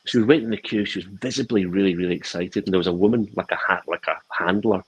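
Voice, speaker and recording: Husky deep-voiced man storytelling. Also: quick pace, poor audio. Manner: rambling anecdotal telling with many restarts. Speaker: co-host. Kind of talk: casual storytelling chat.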